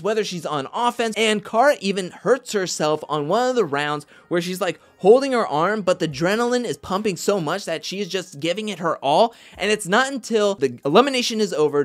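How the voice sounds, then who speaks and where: Over soft background music, a high-voiced man talks at a normal speed with hardly any pauses while hosting a casual reality competition recap. He's chatty and animated, often quoting people in mock voices.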